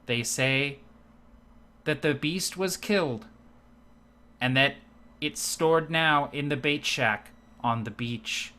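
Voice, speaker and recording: A shabby male dwarf bard who tells his tales in a flat, weightless monotone, with no lift in his words. A man acts him out as a game master. The voice is bright and forward. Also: fairly high pitch, slow, pauses often. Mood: droning. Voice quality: flat, no inflection, droning.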